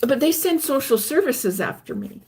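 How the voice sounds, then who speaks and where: A woman recounting her own past in a halting, earnest personal story, with frequent restarts. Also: high voice, huge pitch swings, a little mellow. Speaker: vlogger recounting her life.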